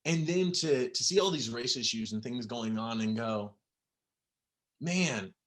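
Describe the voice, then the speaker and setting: A young man telling a personal story on a podcast, halting with many fillers and close to tears. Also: medium pitch, lively intonation. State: near tears. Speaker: podcast guest.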